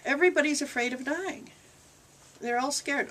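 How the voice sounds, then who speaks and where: A woman's voice: high voice, a little fast, fairly bright tone. An older woman, a reverend, answering questions from a small group in a loose, rambling way and relaying what a spirit says. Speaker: channeling reverend. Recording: distant mic with faint noise.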